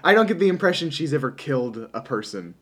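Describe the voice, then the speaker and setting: A man co-hosting a podcast, chatting casually about a movie, animated and jokey, laughing often. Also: a little high, quick pace, husky. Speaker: podcast co-host. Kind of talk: casual movie review chat.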